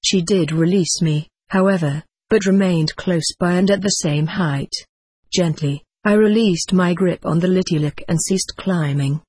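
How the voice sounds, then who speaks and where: Husky, dry-sounding audiobook narrator. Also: mid-range voice, measured pace, a little mellow, dry recording. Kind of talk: first-person scripted narration.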